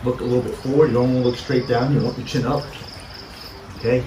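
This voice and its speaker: A man coaching a boxing cardio workout live, energetic and urging the viewer on with short commands. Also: mid-range voice, fast talker. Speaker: fitness coach. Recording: far-off mic with echo and insect noise.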